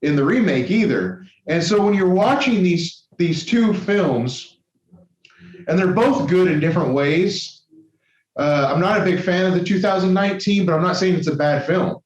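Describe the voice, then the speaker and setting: A man co-hosts a casual podcast, rambling and correcting himself as he talks. His voice sits a bit high for a man. The recording sounds roomy and dull, with a lo-fi edge. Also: lively intonation, moderate pace. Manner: rambling, self-correcting, many restarts. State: tired and caffeinated. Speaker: podcast co-host.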